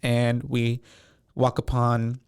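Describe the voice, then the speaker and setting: A man talks through a film's plot in a loose, rambling podcast chat, full of fillers. His voice is smooth and clear, at a middle pitch. The sound is dry and close. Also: slow, no room sound. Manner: relaxed, rambling, many fillers. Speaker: podcast co-host. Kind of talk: casual film recap chat.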